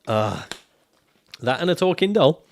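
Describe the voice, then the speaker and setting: A man's voice: fairly high pitch, sing-song, a little slow. A man livestreaming casually, reading out viewer comments and answering them in a jokey, profane way and laughing often.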